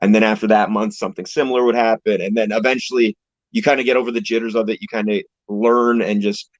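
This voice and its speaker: Low-voiced laid-back man on a call. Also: steady tone, fast, dry recording. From Canada. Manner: laid-back, rambling, swears casually. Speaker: guest, pro wrestler. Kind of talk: casual interview chat. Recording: dull lo-fi call audio, dry.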